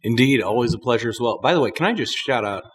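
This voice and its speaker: A man's voice: mid-range voice, lively intonation, fast, big-room sound, a little hiss or hum. A man guesting on a podcast in a hotel bar, good-humored with wry asides. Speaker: distillery guest. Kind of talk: casual interview chat.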